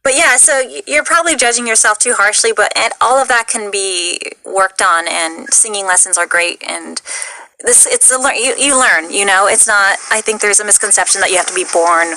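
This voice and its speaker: A woman's voice: mid-range voice, normal speed, sharp tone, dry recording, rough recording. A young woman voice actor and director chatting casually in an interview, self-deprecating and full of fillers.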